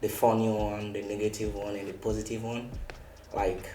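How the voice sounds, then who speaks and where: A man from Togo explaining calmly in a casual group discussion. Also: lowish voice, moderate pace, a little hiss or hum. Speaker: panel guest. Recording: echoey room, music underneath.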